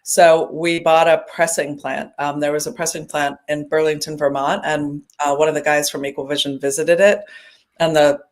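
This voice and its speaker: A woman's voice: sits low, level tone, normal speed. A chatty woman in her fifties from upstate New York, talking as a guest on a live show. She laughs easily, trips over her words and restarts her sentences. She is heard over a remote video call. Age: 50s. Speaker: guest musician. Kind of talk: casual chat.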